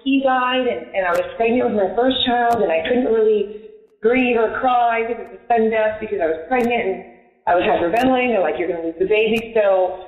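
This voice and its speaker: A woman's voice: a little high, fairly quick. A woman guest chatting in an interview, telling a personal story in a rambling, emotional way. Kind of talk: casual interview chat. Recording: echoey, tinny phone-line sound.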